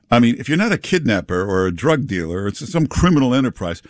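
A man hosting a talk radio show, joking and mocking in a casual, lively way. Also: medium pitch, fast, no echo, clean studio sound. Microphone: studio mic.

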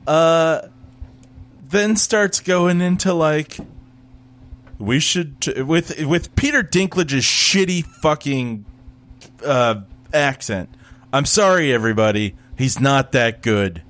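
Sarcastic man with a lively voice. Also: fairly high pitch, slow. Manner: sarcastic, acts out characters mid-story. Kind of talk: casual TV recap chat.

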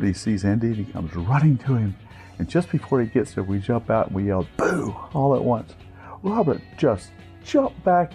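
A man telling a funny scouting story, animated and chuckling, acting out other people in high-pitched voices. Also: gravelly. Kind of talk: storytelling anecdote.

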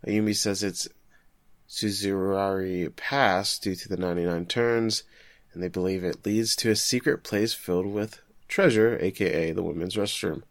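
A man in his thirties chats through a podcast recap, his lowish voice jumping up whenever he acts out a quote. The sound is dry and close. He talks casually and keeps the story rolling. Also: no room sound. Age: 30s. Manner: animated storytelling with quick acted-out quotes. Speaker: podcast co-host.

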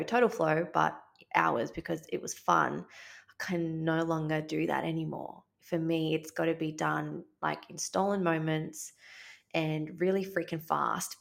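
A woman's voice: lowish voice, creaky. A young woman chatting candidly as an interview guest, filling her speech with casual "like"s. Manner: chatty, lots of "like" fillers, candid. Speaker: podcast guest.

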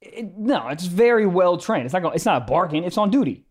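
A man telling a story in casual chat, animated and profane, acting out both sides of the argument. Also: sits high, fast, slightly rough. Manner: animated, profane, quotes people in acted-out dialogue.

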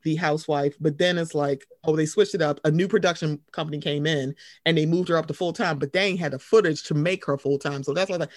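A woman co-hosting a podcast, chatting emphatically and swearing freely, jumping up in pitch when she quotes people. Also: quick pace, hardly any pauses, no echo, studio quality. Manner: animated, emphatic, profane, swoops up when quoting. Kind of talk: casual chat.

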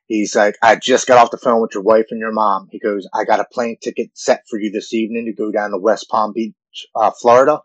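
A man in his forties telling a deeply personal story in an earnest, halting way, often repeating words when moved. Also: steady tone, no room sound, dull audio. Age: 40s.

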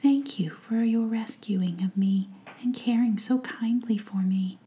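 A woman voicing a gentle young female fairy in a whispered role-play. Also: fairly high pitch, measured pace, natural voice. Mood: earnest. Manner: soft, solemn whisper. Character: gentle old-souled female fairy storyteller.

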